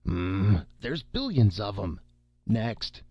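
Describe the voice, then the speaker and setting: A man voicing a stern, deliberate male head clerk at the gates of heaven, speaking briskly and with questions. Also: lowish voice, very animated, breathy edge, dry recording, dull audio, exaggerated voice.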